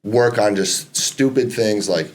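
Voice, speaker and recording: Relaxed young man, casual and profane. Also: on the low side, slow. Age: 20s. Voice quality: laid-back, swears freely, laughs often. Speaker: podcast guest, college basketball player. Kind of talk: casual podcast chat.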